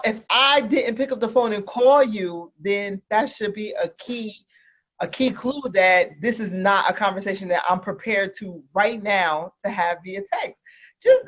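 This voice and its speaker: A man's voice: high voice, a little slow, fairly bright tone, lo-fi sound. A man co-hosting a casual podcast, arguing his side point by point. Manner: argumentative, explains point by point. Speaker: podcast co-host. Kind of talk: casual chat.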